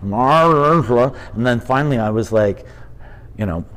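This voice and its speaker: A man in his fifties, a comedian chatting in an interview, telling animated stories and slipping into impressions. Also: medium pitch, moderate pace. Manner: animated storyteller, drops into impressions. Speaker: comedian guest. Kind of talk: casual interview chat.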